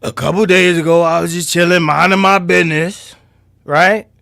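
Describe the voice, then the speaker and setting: A man hosting a casual livestream, loud and profane, now and then dropping to a low mutter. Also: steady tone, normal speed, gravelly, dry recording, clean studio sound. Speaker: livestream host.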